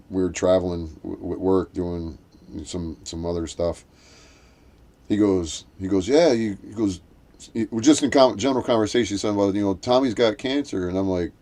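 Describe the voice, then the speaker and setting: Low, dark-voiced man telling a halting story. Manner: rambling, halting storytelling with many restarts; acts out quoted voices in a raised pitch. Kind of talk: casual chat.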